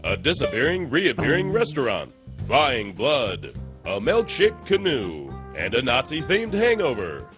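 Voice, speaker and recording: Man as boastful immigrant in a comedy ad spot; slow, broken sales pitch over music. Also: huge pitch swings, fairly bright tone. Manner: halting, broken phrasing, proud salesman pitch. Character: newly arrived male immigrant in a spoof ad, boastful. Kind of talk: comedy sketch spoof ad.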